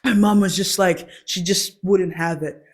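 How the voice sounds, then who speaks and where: A woman's voice: fairly low pitch, steady tone, unhurried. Giggly young woman telling childhood stories. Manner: giggles often while telling stories, acts out quotes. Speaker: comedy show host. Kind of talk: laughing personal storytelling.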